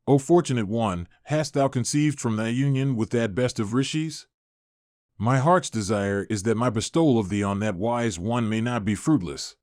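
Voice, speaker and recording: A man's voice: medium pitch, moderate pace, a little mellow, dry recording, clean studio sound, close to an everyday voice. A man voicing an anxious serpent king who pleads formally with his sister in an audiobook.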